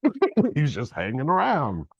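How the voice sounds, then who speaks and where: A man's voice: a little high, wildly swooping pitch, moderate pace, gravelly, a little mellow, husky, no echo, dull audio. A man co-hosting a casual live spiritual chat stream, laughing often and trailing off mid-thought.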